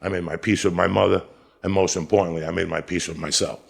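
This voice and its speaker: A man with a deeply gravelly, fry-laden voice tells a profane story. His delivery is animated and punchy, packed with swearing. His pitch sits a bit low. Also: fast, very noisy. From Cuba. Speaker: stand-up comedian telling a story.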